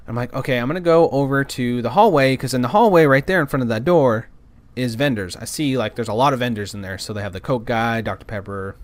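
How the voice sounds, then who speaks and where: A man's voice: mid-range voice, quick pace. A man telling a work story in a casual monologue, rambling, repeating words and cursing now and then.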